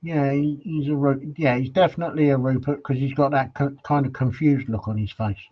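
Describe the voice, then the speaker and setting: A laid-back man chimes in beside his co-host on a live stream, mostly with short agreeing replies. His voice is a little husky, and it comes through a dull, muffled mic. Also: mid-range voice, fairly even intonation, a little fast. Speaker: co-host of a live modelling show. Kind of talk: casual live-stream chat.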